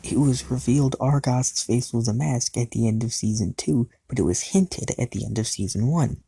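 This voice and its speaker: With vocal fry and a husky, medium-pitched voice at normal speed, a man narrates a cartoon-series recap for his YouTube channel in a dry recording. His tone is playful and full of asides to the viewer, rising in volume and animation at the climax.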